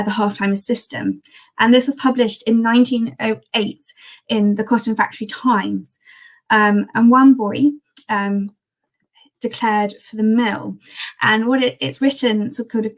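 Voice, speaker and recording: A woman presenting a history talk on old newspaper archives in a chatty, enthusiastic way, with frequent ums and restarts. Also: mid-range voice. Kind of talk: live-streamed history talk.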